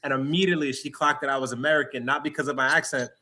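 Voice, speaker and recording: In a candid interview, a male guest from New York City speaks very fast in a bright, forward voice of ordinary male pitch and a steady tone. He comes across as earnest and reflective, often stopping and restarting his thoughts.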